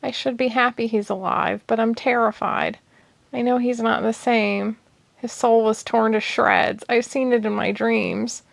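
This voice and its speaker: A woman reading the lines of an earnest, independent young village witch in a fantasy audiobook, speaking quietly. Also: fairly high pitch, little pitch movement, unhurried, vocal fry, dry recording, pitched above the performer's own voice. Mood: tearful.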